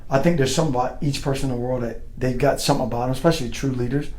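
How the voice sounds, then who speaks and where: Fast-talking animated male storyteller. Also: mid-range voice, low-quality recording. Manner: animated, profane, slangy, acts out quoted voices. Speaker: guest, former Green Beret. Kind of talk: casual storytelling chat.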